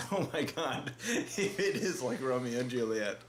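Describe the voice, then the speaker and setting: A man's voice: mid-range voice, expressive, a little slow. A man chatting enthusiastically in a casual group reaction chat. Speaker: reaction video panelist.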